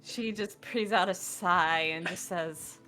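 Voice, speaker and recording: Player, female, low-ish voice, calm describer of her character. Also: slow pace, faint music behind. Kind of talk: playing a tabletop game.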